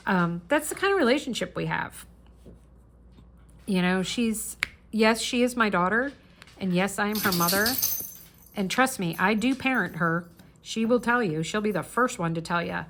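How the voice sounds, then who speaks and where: Middle-aged lady chatting while she crafts, earnest and emphatic, kinda low voice. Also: fairly bright tone. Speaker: crafting channel host. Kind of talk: casual chat while diamond painting.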